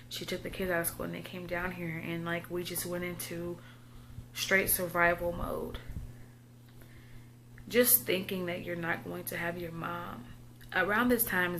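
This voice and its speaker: A woman in her thirties with a Southern accent, talking quietly and haltingly in a personal vlog. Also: fairly low pitch, a little hiss or hum. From Texas. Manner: quiet, halting, often trailing off. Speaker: vlogger.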